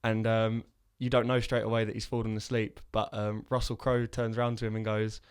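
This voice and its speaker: A man's voice: on the low side, level tone, a little fast, clean tone. A man co-hosting a casual film podcast, retelling scenes and acting out the lines. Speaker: podcast co-host. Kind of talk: casual film review chat.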